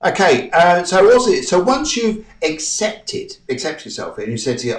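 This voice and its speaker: A man hosts a live-streamed spiritual show and leads listeners through tapping affirmations in a soft, coaxing way. He sits some distance from the mic, so his voice carries a roomy echo. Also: high voice, very animated, moderate pace, few pauses. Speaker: host.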